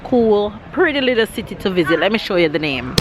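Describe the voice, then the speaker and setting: A woman's voice: mid-range voice, very animated, a little fast. Give me a chatty woman in her thirties with a Jamaican accent, filming a family day out with a handheld camera. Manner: upbeat, chatty, laughs often. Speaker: family vlogger. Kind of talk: casual vlog narration. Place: outdoors in a small town street. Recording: outdoor street noise.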